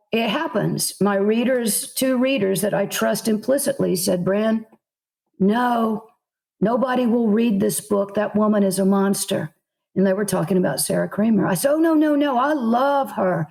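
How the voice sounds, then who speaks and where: A woman's voice: medium pitch, creaky, darkish tone, poor audio. A middle-aged woman with a Southern American accent, an author guest telling a story earnestly in an interview and voicing quotes of the people in it.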